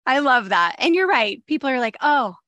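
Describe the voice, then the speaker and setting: A woman's voice: sits high, big pitch swings, normal speed, sharp tone, no echo. A woman hosting a podcast interview, laughing often and offering encouraging responses. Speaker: podcast host. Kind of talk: casual interview chat.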